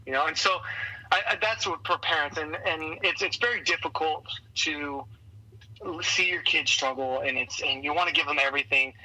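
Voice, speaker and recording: A man speaks as a podcast guest with a forceful, bright tone and a breathy, husky edge, a little higher than most men. He tells stories with energy, briefly taking on the voices of the people in them. The sound is thin, as if it comes over a phone line. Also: normal speed. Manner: energetic storyteller who acts out quoted voices. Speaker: podcast guest, leadership coach. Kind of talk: conversational interview.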